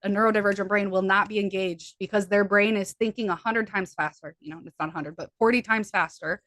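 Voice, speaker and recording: A middle-aged American woman speaks quickly and earnestly as an interview guest, her words tumbling out one after another. Her voice sits at an ordinary pitch for a woman. The recording is close and dry, with almost no room sound. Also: steady tone, fairly bright tone, dry recording. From USA. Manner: fast-talking, earnest. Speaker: hypnotherapist guest. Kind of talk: conversational interview.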